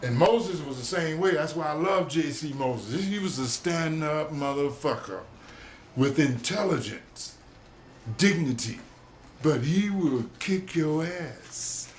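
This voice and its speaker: A man's voice: on the high side, animated, slow pace, a little hiss or hum. Profane old jazz man, roomy echo. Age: 70s. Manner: streetwise, profane, keeps asking "you dig?". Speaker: jazz musician telling his history. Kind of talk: storytelling recollection. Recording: roomy echo with faint music behind.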